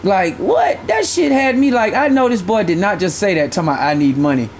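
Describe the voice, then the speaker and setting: High-voiced man ranting on a game stream. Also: fairly quick, slight background noise. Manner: profane, animated storytelling to chat. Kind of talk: casual live-stream chat.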